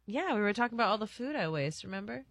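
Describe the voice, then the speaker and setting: Woman, radio producer, playful banter, lively pitch, dry studio. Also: quick pace, dry recording. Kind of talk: casual radio chat.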